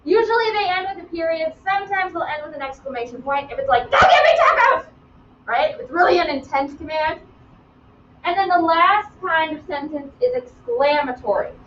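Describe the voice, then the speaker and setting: Lively woman teacher, high voice. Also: a little fast, noisy background. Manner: lively, playful, calls on students by name. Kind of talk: live online class lesson. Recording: roomy, distant, dull sound.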